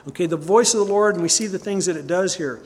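A man with a high-pitched voice preaches a sermon. He reads Bible passages aloud and puts questions to his listeners, stopping now and then to correct a slip. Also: quick pace, breathy edge. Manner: reads scripture aloud, asks the listeners questions, often stops to correct himself.

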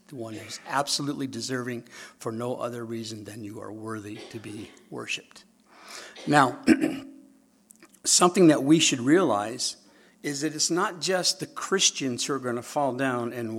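A man preaching a sermon, swinging from loud emphatic lines to hushed, near-whispered asides. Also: medium pitch. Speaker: pastor.

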